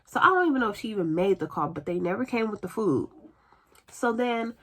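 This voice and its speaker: A woman telling a personal story in a casual storytime vlog, chatty and animated, acting out what others said. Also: medium pitch, fairly quick, slight background noise.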